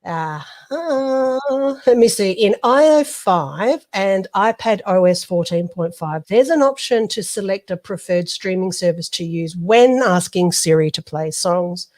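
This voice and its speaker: A woman co-hosts a tech podcast in a relaxed, chatty way. She reads out feature notes and breaks off into quick joking asides. Her voice sits at an ordinary middle pitch. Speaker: podcast co-host. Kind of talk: casual chat, reading out update notes.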